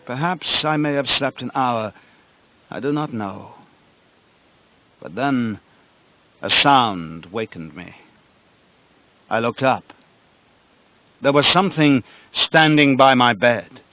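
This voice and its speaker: A man narrating a storybook on cassette, dramatic, sinking to a hush at the quiet moments. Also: medium pitch, animated, takes it slowly, long pauses. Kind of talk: cassette audiobook reading. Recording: tinny lo-fi cassette with music.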